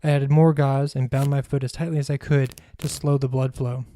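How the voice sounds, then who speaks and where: Mellow, even-voiced male memoir reader. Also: mid-range voice, dry recording, clean studio sound. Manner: measured, even storytelling. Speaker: podcast host and author. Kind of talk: reading his own memoir aloud.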